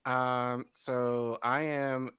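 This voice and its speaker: A man in his forties, a guest on a casual video-call panel, talking in a relaxed, hesitant way with many fillers. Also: medium pitch, extremely slow, smooth, dry recording. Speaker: guest, preschool teacher.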